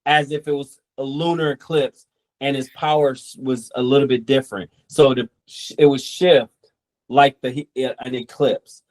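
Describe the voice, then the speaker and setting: A man's voice: medium pitch, normal speed. Rambling comic creator, a man. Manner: relaxed, rambling, quotes people in asides. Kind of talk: casual interview chat.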